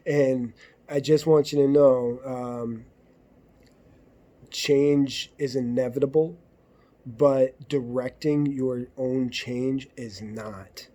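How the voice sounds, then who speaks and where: A podcast host with a medium-pitched, dark-toned voice speaks slowly and flatly in a casual monologue. His style is blunt, profane and conversational, and he acts out what arguing partners say.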